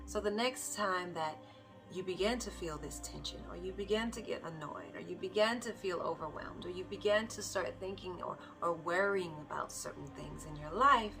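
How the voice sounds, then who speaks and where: Woman self-care coach, low bright voice, calm repetitive delivery over light music. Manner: slow, repeats phrases softly, drops to near whispers. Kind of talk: reflective motivational monologue.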